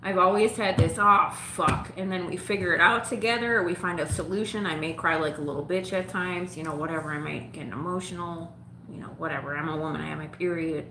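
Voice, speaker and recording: A woman's voice: on the low side, fairly even intonation, brisk, echoey room, background noise. A woman vlogger telling a personal story straight to her viewers, frank and profane, laughing often.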